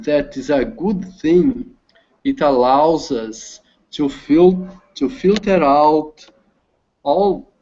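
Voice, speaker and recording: A man student reading a text aloud in an English lesson, slowly and hesitantly with many restarts. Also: on the high side, mellow. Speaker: language student. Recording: dull lo-fi call audio.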